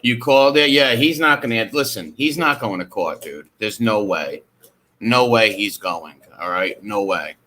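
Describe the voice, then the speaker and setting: A man streaming, commenting on footage in a casual, excitable way and swearing freely. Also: on the low side, a little slow.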